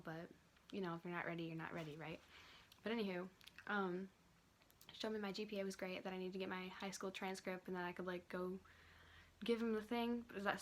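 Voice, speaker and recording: Lying in bed, a young adult woman vlogs casually into a handheld phone camera, chewing gum while she talks. Her voice is lowish, and she rambles and drifts off topic. A faint hiss or hum sits under the audio.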